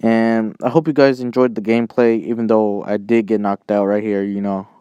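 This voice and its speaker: Young man, casual storytelling vlog, smooth clear voice, dry close sound, self-mocking and jokey. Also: on the low side, moderate pace, no echo, dull audio. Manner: animated, jokey, self-mocking, cries out when quoting himself. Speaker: channel host.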